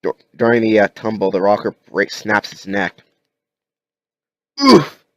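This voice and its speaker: A man narrating a comic story aloud as an amateur reader, halting with frequent restarts and fillers. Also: on the low side, little pitch movement, dry recording.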